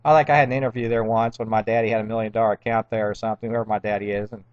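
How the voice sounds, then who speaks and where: A man's voice: lowish voice, flat delivery, racing, no echo. Man in his 50s, agitated rambling monologue, stammered restarts, dry muffled home recording.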